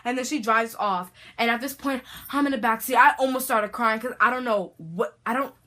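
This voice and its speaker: A teenage girl vlogger telling a storytime tale in a dramatic, animated way, full of slang. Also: a little high, normal speed. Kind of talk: storytime vlog.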